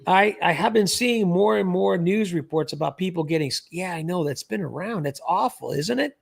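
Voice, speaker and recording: A man with a gravelly, husky voice hosting a casual livestream. He chats loosely, reads viewer comments out loud and laughs a lot. His voice sits a bit high for a man. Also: animated, normal speed. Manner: chatty, reads comments aloud, laughs often. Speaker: livestream host, scam baiter.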